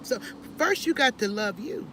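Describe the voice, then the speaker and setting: A woman talks in a casual, preachy vlog, animated and sermon-like, often restarting her sentences. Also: a little high, moderate pace, background noise. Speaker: vlogger.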